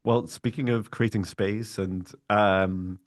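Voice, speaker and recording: A man hosting a podcast in a calm, monotone voice, chatting reflectively and then leading a slow guided meditation. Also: on the low side, dry recording, clean studio sound. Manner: calm, reflective, speaks in slow measured phrases when guiding breathing. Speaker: podcast host.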